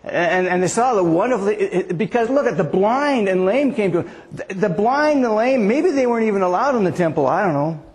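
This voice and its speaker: A man's voice: high-pitched, lively intonation, brisk, hardly any pauses, darkish tone, big-room sound. A man preaching a sermon in a rambling, conversational way, often asking the audience questions.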